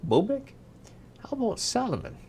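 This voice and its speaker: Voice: medium pitch, very animated, moderate pace, vocal fry, mellow, slightly rough, pitched above the performer's own voice, full character voice. A reader voicing a worried young queen who pleads earnestly in a storybook read-aloud. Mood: pleading. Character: worried young queen guarding her baby.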